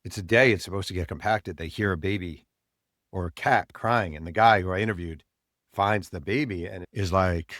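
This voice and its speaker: A man, an author guest on an interview show, telling a story in animated fashion and acting out the people he quotes. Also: low-pitched, moderate pace, no room sound, clean studio sound.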